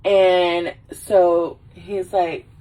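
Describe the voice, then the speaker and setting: A woman's voice: fairly low pitch, level tone, extremely slow, warm tone. A woman hosting a casual livestream, rambling about movies, laughing and swearing as she goes. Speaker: livestream host. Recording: voice a little far from the mic.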